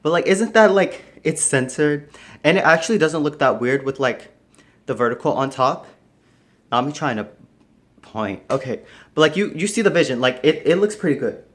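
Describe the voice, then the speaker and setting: Man, middle pitch, casual bedroom vlog into a phone, rambling and self-deprecating, slightly winded. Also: lively intonation, normal speed, a bit bright. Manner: chatty, rambling, self-deprecating, lots of fillers. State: slightly out of breath. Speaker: vlogger. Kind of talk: casual chat to camera while decorating. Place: bedroom, indoors.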